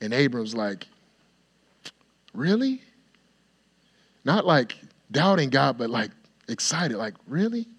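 A man preaching a sermon, acting out the dialogue of the story in an expressive way and sometimes dropping to a soft, near-whispered voice. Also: mid-range voice, measured pace, husky, dull audio. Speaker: pastor.

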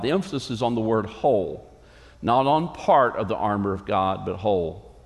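A man's voice: fairly low pitch, moderate pace. A middle-aged man, a pastor, preaching a sermon with emphatic repeated phrases and quoted asides. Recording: long reverb of a large hall.

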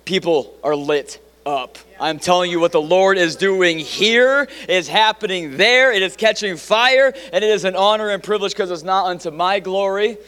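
A middle-aged male pastor preaching a sermon in an energetic, excitable way, full of casual fillers. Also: high voice, moderate pace, few pauses, clear, resonant tone. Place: large church hall. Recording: long hall reverb.

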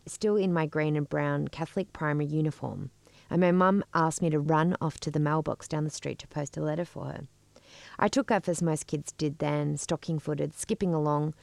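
A middle-aged woman telling a personal story in a measured, wry way. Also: sits low, gravelly, darkish tone, no echo. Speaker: storyteller and podcast co-host.

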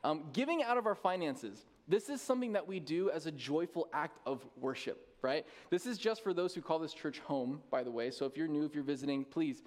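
A man in his thirties speaks as the lead pastor of a church, in a voice pitched a little high. He is tired, chatty and self-deprecating, and he laughs easily while giving announcements. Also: lively intonation, brisk, hardly any pauses, a little mellow. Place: church sanctuary.

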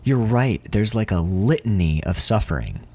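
A man with a low voice co-hosts a relaxed film discussion. His pitch swings widely as he gets animated, jumping up high whenever he acts out a line. He talks casually and lets the occasional swear slip. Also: moderate pace. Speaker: podcast co-host.

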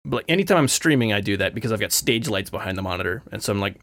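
A man's voice: on the low side, lively intonation, very fast, hardly any pauses, fairly bright tone, no room sound. A man who streams, co-hosting a gaming podcast in an easygoing, playful way with some swearing. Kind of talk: casual chat.

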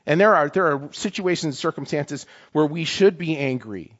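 A man preaching a sermon in a lively, confessional way, often checking in with "right?". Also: fairly high pitch, moderate pace, dull audio. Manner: animated, confessional, many "right?" tags.

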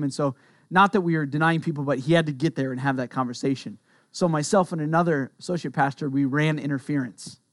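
A man's voice: on the high side, dry recording, clean studio sound. A man in his thirties or forties, a pastor preaching a sermon in an earnest, conversational way with personal asides.

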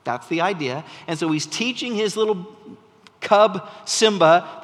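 A man preaching a sermon as a pastor, an animated storyteller whose voice rises when he gets excited. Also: high-pitched, unhurried. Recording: long reverb from a large hall.

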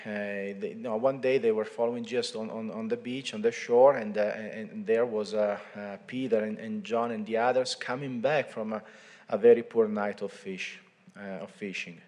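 A priest with a fairly low voice gives a homily, walking through scripture as if telling a story to friends. His words ring out with the long reverb of a large church. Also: steady tone, moderate pace, dark tone. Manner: informal storytelling, retelling scripture conversationally.

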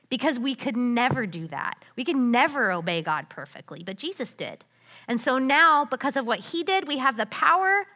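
A woman's voice: a little high, bright, forceful tone. A woman giving an earnest, conversational teaching talk to other wives, with frequent rhetorical questions. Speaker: women's ministry speaker. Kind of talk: sermon-style teaching talk.

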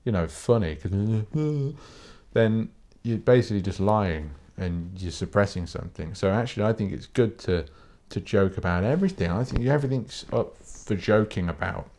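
With barely a pause, a British podcast host rants on his own in a casual, blunt, cursing, rambling way, often beginning again. He has a lowish, darkish voice, lively intonation, and a moderate pace.

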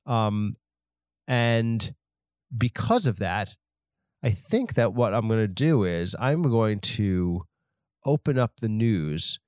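A man's voice: lowish voice, very animated, takes it slowly, darkish tone, no room sound, studio quality. A man hosting a solo comedy podcast, talking in a rambling, self-interrupting way full of absurd tangents. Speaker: podcast host.

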